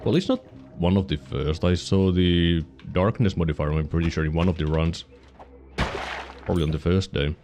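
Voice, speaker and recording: A man's voice: low voice, normal speed, over music. A man with a Finnish accent giving casual gameplay commentary while streaming, rambling and correcting himself as he explains mechanics, hiccuping now and then. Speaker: game streamer.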